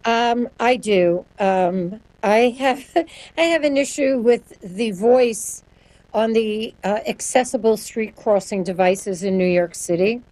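A woman speaking as a sonic branding guest in an interview, answering in a quick, animated way and laughing often. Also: mid-range voice, low-quality recording.

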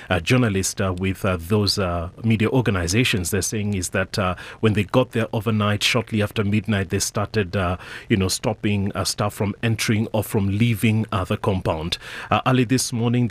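A male correspondent reporting hesitantly, with many filler sounds. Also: on the low side. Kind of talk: news report.

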